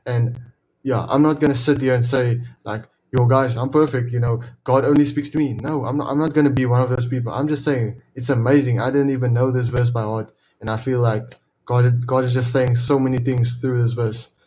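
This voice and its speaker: A man's voice: mid-range voice, fairly even intonation, dark tone, a little hiss or hum, poor audio. A man hosting a casual devotional Bible talk, earnest, often repeating and restarting his phrases. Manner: earnest, repeats and restarts phrases, slows to read verses aloud. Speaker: Bible reading video host.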